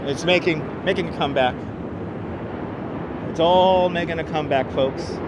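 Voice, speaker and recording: A man live-streaming a walk through the city on a clip-on mic, chatty and playful, now and then yelling. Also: fairly high pitch, normal speed. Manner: chatty, playful, bursts into loud yelling and sing-song calls. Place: outdoors in a city and in an elevator. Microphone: wireless clip-on mic. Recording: street noise clearly behind.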